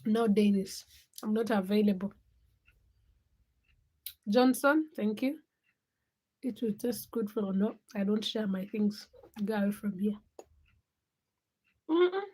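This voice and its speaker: Slow-talking woman teasing her livestream viewers. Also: mid-range voice, dark tone. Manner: chatty, teasing viewers by name. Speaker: livestream host. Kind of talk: casual late-night livestream chat reading comments.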